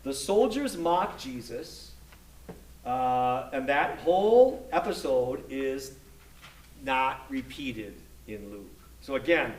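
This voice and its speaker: A man with a medium-pitched, expressive, darkish voice lectures a class on scripture as a Bible study instructor, recorded from a distance in an echoey room. He speaks slowly and unhurriedly, often restarting sentences and checking in with "okay?" between points.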